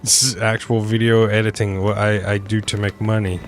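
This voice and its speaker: A man's voice: on the low side, little pitch movement, normal speed. A young man casually commentating while playing a game, rambling, joking and interrupting himself. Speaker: streamer.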